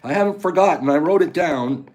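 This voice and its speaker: A man's voice: fairly high pitch, a little fast, music in the background. A man hosting a casual livestream, chatting playfully and teasing his viewers. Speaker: livestream host.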